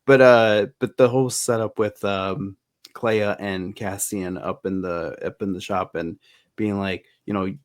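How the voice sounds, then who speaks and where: Hesitant man recapping scenes, lowish voice. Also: steady tone, unhurried, dry recording, clean studio sound. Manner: hesitant, many fillers and restarts while recapping. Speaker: guest. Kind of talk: casual review discussion.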